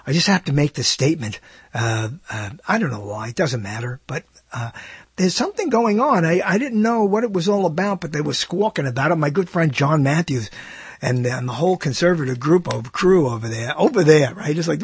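An older man riffs through a digressive radio monologue, interrupting himself and laughing as his high voice swoops around. His tone is slightly husky, and the dry studio sound keeps him close. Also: lively intonation, fairly quick, no echo. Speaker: radio talk show host. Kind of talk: rambling on-air monologue.

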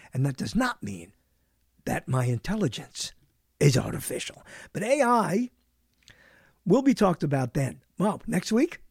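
A man's voice: on the high side, darkish tone, dry recording. A man hosting a radio talk show in a studio, rambling playfully from one bit of wordplay to the next with chuckles.

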